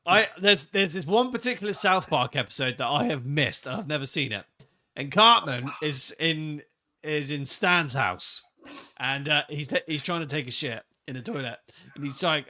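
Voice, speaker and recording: A man's voice: fairly high pitch, moderate pace. A man co-hosting a wrestling podcast, chatting casually and telling stories in a rambling, joking way. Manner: rambling, joking, animated storyteller. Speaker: podcast co-host.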